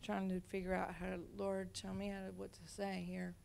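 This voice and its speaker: A woman's voice: medium pitch, monotone, normal speed, gravelly, music in the background. A woman pastor giving a sermon in a chatty, storytelling manner.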